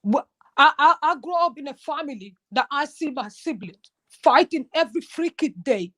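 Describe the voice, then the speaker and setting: Gambian lady talking from the heart, kinda high voice, keeps tripping over her words. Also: animated, normal speed, fairly bright tone. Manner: earnest, emotional, stammering restarts. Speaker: YouTuber guest. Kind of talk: impassioned conversation.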